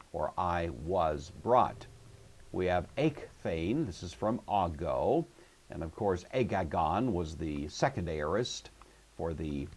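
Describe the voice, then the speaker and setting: Casting: deep-voiced male teacher, husky, patient and methodical lecture delivery. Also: darkish tone. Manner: methodical, patient explaining with slow, drawn-out example words. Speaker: Greek teacher. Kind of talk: recorded grammar lecture.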